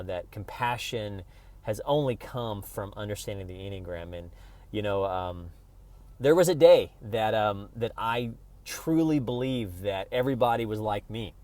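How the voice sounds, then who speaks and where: A man's voice: on the low side, a little mellow. A man from Oklahoma talking casually to camera in a rambling, playful travel vlog, full of restarts. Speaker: vlogger.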